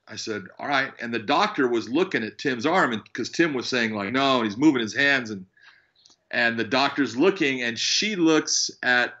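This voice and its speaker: A man tells referee stories on a podcast, acting out the lines of the people in them. His voice is bright and forceful. The audio is a little dull and lo-fi. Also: mid-range voice, moderate pace. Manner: animated storyteller acting out quotes. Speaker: guest, fight referee. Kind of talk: casual podcast chat.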